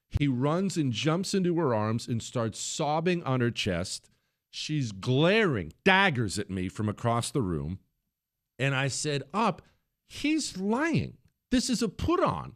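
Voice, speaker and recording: A middle-aged man hosting a talk radio show, telling an anecdote with animated, dry, wry humor. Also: mid-range voice.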